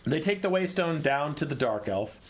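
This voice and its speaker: A man's voice: a little high, lively intonation, moderate pace, a little hiss or hum. A man hosting his channel, casually summarizing a fantasy novel in a rambling, irreverent, swearing style. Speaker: channel host.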